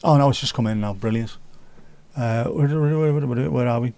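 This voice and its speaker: Speaking at a moderate pace with vocal fry, this mellow, medium-pitched livestream host from Liverpool has a Scouse accent. He's chatty and jokey, reading chat comments aloud as he talks casually with viewers.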